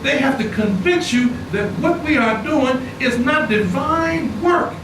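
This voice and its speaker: Preacher man, high voice, fired up, repeating himself, big boomy hall, mic far off and noisy. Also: animated, a little slow. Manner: fervent, repetitive preaching with rising emphasis. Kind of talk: sermon. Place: temple hall.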